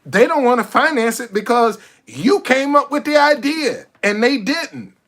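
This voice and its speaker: Speaking unhurriedly in a very high, somewhat bright voice with big pitch swings, a man vlogging as a street activist preaches in a fervent, sarcastic rant. He keeps tripping over repeated words and restarting, as faint music plays.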